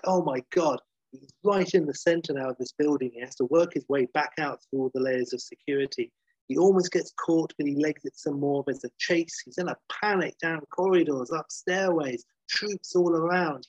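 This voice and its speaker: A man retelling a story at length in a casual, lively way, swearing now and then and acting out the characters' lines. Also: a little high, slightly rough, no room sound. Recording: dull muffled lo-fi sound.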